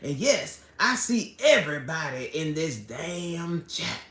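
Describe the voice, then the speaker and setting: A woman's voice: low-pitched, sing-song, slow pace, fairly bright tone. A woman hosting a casual live stream, reading chat comments aloud and laughing often. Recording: echoey room.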